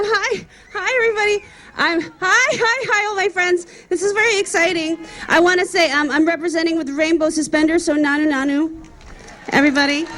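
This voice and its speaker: A brash woman comedian tells profane stories in a chatty stand-up set. Her voice sits high. She talks into a stage microphone at an outdoor event. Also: a little hiss or hum.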